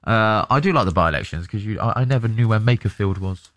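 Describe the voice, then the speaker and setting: English radio host, lowish voice, relaxed, reads listener messages, dry studio. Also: male voice, quick pace, no echo. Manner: easygoing, reads listener messages, short reactions. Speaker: radio presenter. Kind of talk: casual breakfast radio chat.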